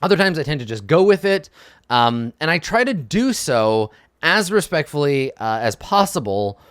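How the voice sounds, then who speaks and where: A man's voice: fairly high pitch, very animated, moderate pace, fairly bright tone, clean tone, dry recording, studio quality. A young adult man, a game master, giving casual advice to camera in a thoughtful way, often checking in with "right?".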